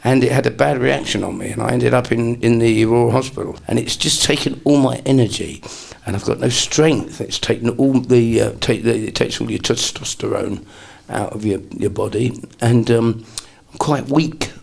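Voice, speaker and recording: A man's voice: medium pitch, normal speed, vocal fry, darkish tone. An older man, a comedian guest, telling rambling anecdotes in a casual interview and slipping into impressions.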